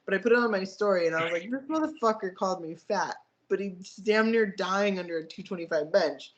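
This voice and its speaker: A woman's voice: mid-range voice, brisk, lo-fi sound. A woman co-hosting a podcast, telling a story in a casual, profane way with lots of filler words. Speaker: podcast co-host, powerlifting coach.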